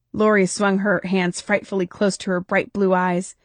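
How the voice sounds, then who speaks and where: A woman author reading her own novel in first person, lively, her voice leaping up on questions and exclamations. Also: normal speed, few pauses, no room sound. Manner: expressive, pitch jumps on questions and exclamations. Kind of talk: first-person audiobook narration.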